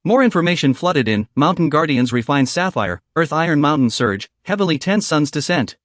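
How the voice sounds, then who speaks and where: A man's voice: a little high, animated, normal speed, fairly bright tone, dry recording, studio quality. A man narrating a story recap in a scripted, dramatic storytelling voice.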